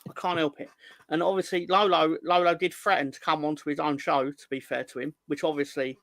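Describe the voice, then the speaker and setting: Excitable, playful man. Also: fairly high pitch, a little fast, creaky, no room sound. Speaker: host. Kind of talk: casual live show chat, reading viewer comments.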